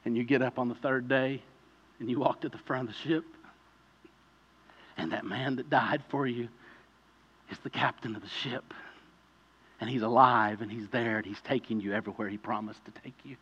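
A man preaching a sermon in a conversational way, telling vivid stories and building to loud pleading peaks. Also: mid-range voice, steady tone, moderate pace, long pauses, slightly rough, lo-fi sound. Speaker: pastor.

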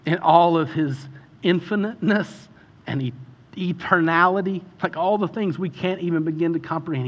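A man preaching a sermon as pastor, building to passionate shouts and easing into a quiet prayer. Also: a little high, slightly rough, lo-fi sound. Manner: impassioned, builds to shouting then softens into prayer.

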